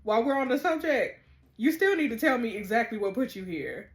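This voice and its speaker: A woman's voice: fairly high pitch, animated, brisk. A woman reading the lines of a tough, self-assured teenage girl in a juvenile facility, in a blunt manner.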